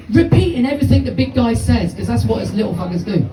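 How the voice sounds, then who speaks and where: A man's voice: very high-pitched, animated, quick pace, few pauses, a crowd in the background, background noise. A man, doing live stand-up with rambling, profane storytelling. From United Kingdom. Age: 50s. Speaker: stand-up comedian. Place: small comedy venue with audience. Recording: distant, echoey live room.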